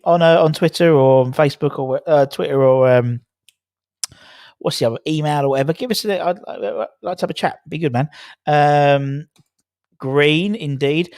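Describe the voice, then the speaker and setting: A man's voice: a little high, moderate pace, a little mellow, no room sound, studio quality. A man hosting a casual live stream, rambling and chatting as he reads out viewer comments.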